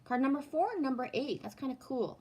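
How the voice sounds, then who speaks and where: This woman in her fifties talks fast and animatedly in a high voice with a dark, slightly rough tone, captured on a rough recording. Chatting casually on a live stream, she swears freely, laughs often and reads viewers' comments aloud.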